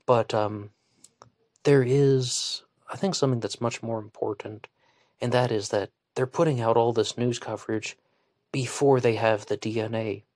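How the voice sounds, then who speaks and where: A man talks casually into a close microphone as he hosts his own podcast. His tone is blunt and scornful, and he swears often and fills pauses with "um." The sound is dry, with no room echo, at a middle pitch. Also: steady tone, a little mellow. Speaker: podcast host. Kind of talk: casual solo podcast commentary.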